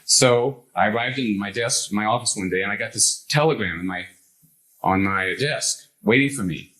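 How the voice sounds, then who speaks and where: An older man telling a personal anecdote to a live audience, animated, acting out the others' lines in the story. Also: lowish voice, moderate pace, poor audio.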